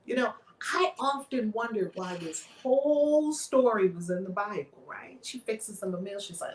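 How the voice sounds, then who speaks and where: A woman telling a story in a chatty, animated way and slipping into the voices of the people in it. Her voice has a middle pitch and carries a roomy echo over a faint hiss. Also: moderate pace, hardly any pauses. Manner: lively retelling with voiced quotes. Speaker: guest author and minister.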